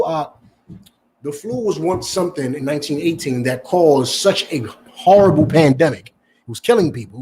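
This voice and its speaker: A man's voice: fairly high pitch, darkish tone, a little hiss or hum. A male preacher giving a confrontational sermon, lecturing in a profane style and asking "You understand?" again and again. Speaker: preacher and teacher.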